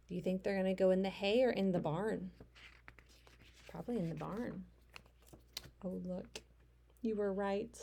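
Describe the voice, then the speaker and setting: A woman teacher reading a picture book aloud to young children, asking them questions and sometimes dropping into soft whispers. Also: mid-range voice, unhurried, gravelly, long pauses, a little hiss or hum.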